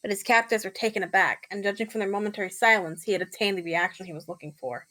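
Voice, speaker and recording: A woman reading visual-novel narration aloud at a middling pitch. Her delivery is steady and matter-of-fact, even through tense passages. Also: fast talker, few pauses.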